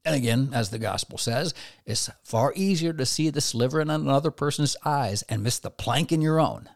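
A man preaching a devotional sermon who puts direct questions to the listener and swings between loud emphasis and soft, low asides. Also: normal speed, creaky, no echo, clean studio sound.

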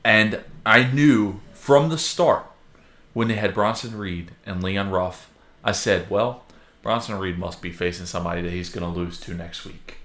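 A man's voice: fairly low pitch, measured pace, a bit bright. A man co-hosting a casual podcast, giving opinionated takes with exasperated emphasis. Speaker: podcast co-host. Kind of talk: casual wrestling podcast chat.

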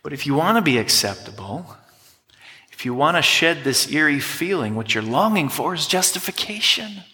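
A man's voice: a little high, sing-song, normal speed, pushed and bright. A man preaching a sermon as pastor, emphatic and teaching, leading the congregation in repeating words. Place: church sanctuary. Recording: long hall reverb.

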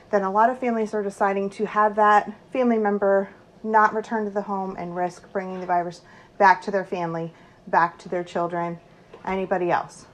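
A woman hosting her own podcast, talking casually from her home kitchen, with lots of likes and quick self-corrections. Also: mid-range voice, a little hiss or hum, low-quality recording. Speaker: podcast host and social worker.

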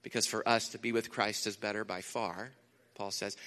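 A man preaching a sermon in a conversational way, repeating phrases for emphasis, with lively asides. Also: fairly low pitch, moderate pace. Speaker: pastor. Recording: long hall reverb.

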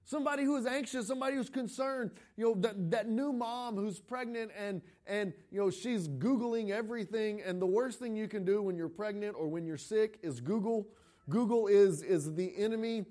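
A middle-aged man, a pastor, preaching a sermon in a conversational, animated way, often restarting his phrases as he tells a story. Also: high voice, normal speed. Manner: conversational preaching with frequent repeated starts; animated storytelling, breaking into quoted voices.

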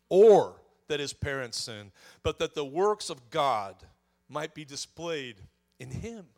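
A man's voice: high voice, a bit bright. A man preaching a sermon, telling a scripture story and swelling then dropping his voice for emphasis. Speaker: pastor.

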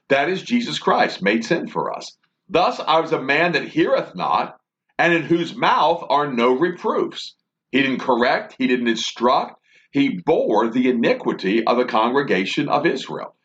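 Male Bible teacher, earnest, animated pitch, dull lo-fi sound. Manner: earnest, reads verses then expounds. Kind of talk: Bible study teaching, reading scripture aloud. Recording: dull lo-fi recording.

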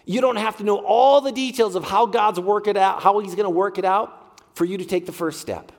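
A man's voice: high voice, fairly quick. A middle-aged man preaching a heartfelt sermon as a pastor, leaning on repeated phrases. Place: church sanctuary. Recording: long hall reverb.

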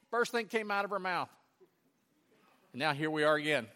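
A male preacher with a high, bright voice, retelling a story with lively, emphatic swings. His voice rings with a long reverb from the hall. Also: moderate pace. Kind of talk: sermon.

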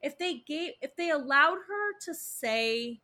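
A woman co-hosting a podcast in casual chat, animated and gossipy, swearing freely. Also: sits high, a little slow, a crowd in the background. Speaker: podcast co-host.

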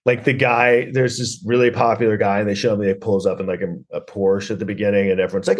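A man's voice: fairly low pitch, level tone, quick pace, few pauses. A man hosting a podcast, rambling sarcastically through a comedic movie review. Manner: rambling, sarcastic, lots of restarts and "like". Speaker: podcast host.

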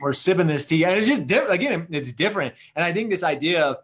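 A man co-hosting a podcast, excitable and fast, with lots of "like" in his talk. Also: a little high, husky. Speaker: podcast co-host. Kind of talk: casual chat.

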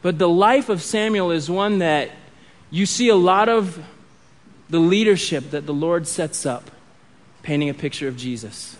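A man's voice: a little high, measured pace. A man in his thirties preaching a sermon in a conversational way, with restarts and asides. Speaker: pastor.

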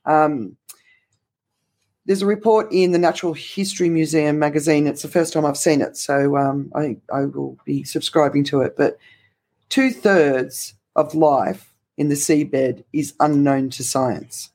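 A man's voice: on the high side, fairly even intonation, measured pace, darkish tone. A man co-hosting a podcast, giving a casual roundup of news with lots of fillers and restarts. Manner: rambling, many restarts and fillers. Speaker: podcast co-host.

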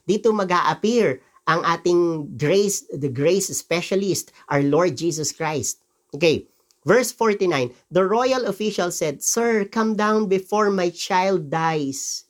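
A woman's voice: fairly low pitch, darkish tone. Emphatic Filipino woman preaching a sermon. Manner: emphatic, slows down to stress scripture quotes; mixes English with Tagalog. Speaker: pastor.

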